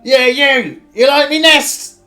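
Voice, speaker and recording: A man's voice: very high voice, slow, sharp tone, faint music behind, pitched above the performer's own voice, full character voice. A man voicing a rowdy, boastful drunk bird-man who heckles passers-by. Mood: rowdy heckling.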